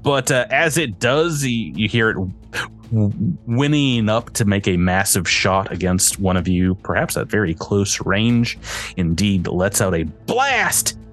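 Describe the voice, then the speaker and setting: A man narrating a tabletop role-playing game as game master, playful and animated. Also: fairly low pitch, unhurried, soft background music.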